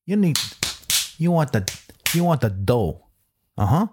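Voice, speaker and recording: A man's voice: a little high, very animated, a little slow, background noise, voice pushed up. A man doing an impression of a foul-mouthed, swaggering male podcast mentor with a New York-New Jersey accent. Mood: brash, needling. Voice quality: gruff, swaggering tough-guy patter.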